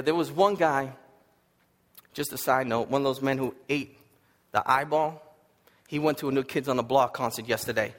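A man preaching a sermon, telling a story with lively swings from loud to hushed, a little sniffly from allergies. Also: medium pitch. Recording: long hall reverb.

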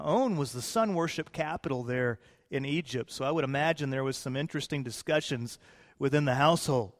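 A man preaching a sermon, retelling scripture with lively, playful asides to his congregation. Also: fairly high pitch, long reverb tail. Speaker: pastor.

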